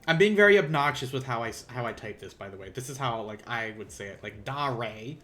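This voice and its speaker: Fast-talking and fairly bright in tone, a medium-pitched man with a Southern accent runs a casual language lesson on a livestream. He rambles and thinks aloud with self-deprecating humor, a keyboard typing in the background.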